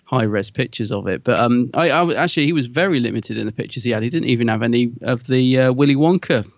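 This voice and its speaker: A man's voice: medium pitch, fast, dry recording. Podcast co-host, male, chatty storyteller with frequent laughs, dry, dull sound. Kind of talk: casual chat. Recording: dull, muffled audio.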